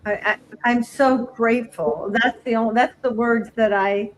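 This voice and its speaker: A woman speaks slowly over a video call, grateful and emotional. Her phrases come halting, with many pauses. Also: fairly high pitch, slight background noise, rough recording. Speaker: guest.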